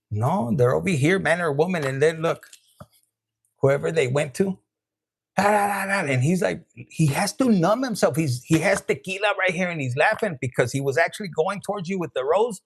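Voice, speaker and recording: A man's voice: a little high, lively intonation, moderate pace, slight background noise. A man giving a casual tarot reading in a loose, profane way, laughing and dropping Spanish slang. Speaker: tarot reader.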